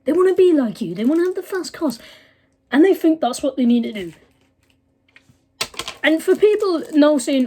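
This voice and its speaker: A woman's voice: sits high, sing-song, normal speed, pauses often, a little mellow. Heated teen girl ranting. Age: late teens. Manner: heated, blunt, swears often. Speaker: vlogger. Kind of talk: angry profane rant.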